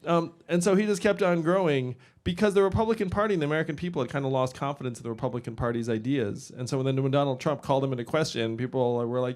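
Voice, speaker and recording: A man's voice: mid-range voice, darkish tone. Man giving a chatty campaign speech. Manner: conversational, quick asides and imitated voices, laughs with audience. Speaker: political candidate speaking to a crowd. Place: event venue with a live audience.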